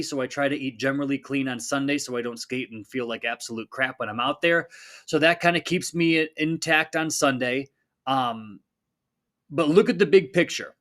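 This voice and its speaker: A man's voice: fairly high pitch, a bit bright. A man in his thirties hosting a fitness podcast, talking casually and with energy, and repeating phrases for emphasis. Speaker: podcast host, fitness coach. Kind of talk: casual motivational talk.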